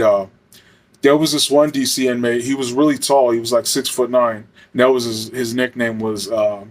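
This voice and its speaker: A man, a former corrections officer, telling a rambling prison story in a casual way, full of fillers and swearing. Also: mid-range voice. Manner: rambling, lots of filler words and profanity.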